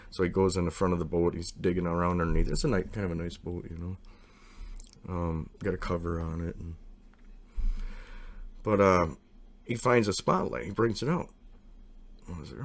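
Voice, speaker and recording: A man's voice: normal speed, long pauses. A man casually telling a long, rambling personal story, acting out what people said. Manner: rambling, animated, acts out quotes with raised pitch.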